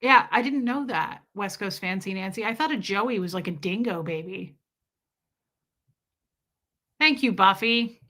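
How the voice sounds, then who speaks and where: A woman's voice: medium pitch, measured pace, pauses often, sharp tone. A woman hosting a live stream, chatting casually and answering viewers' comments one by one in an affectionate way. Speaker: livestream host reading chat.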